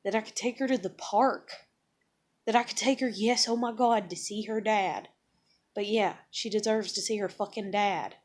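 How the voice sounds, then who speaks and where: A woman venting in a personal vlog, blunt and emotional, swearing often as she talks about her life. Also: moderate pace. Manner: acts out others in higher excited voices. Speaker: vlogger.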